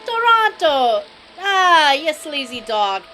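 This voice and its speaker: A woman's voice: sits high, big pitch swings, slow pace, pushed and bright, faint music behind, pitched above the performer's own voice, heavily acted. Woman doing a New Jersey mobster man. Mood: swaggering. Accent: put-on New Jersey. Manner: swaggering, sleazy tough-guy drawl. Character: brash male New Jersey mobster informant.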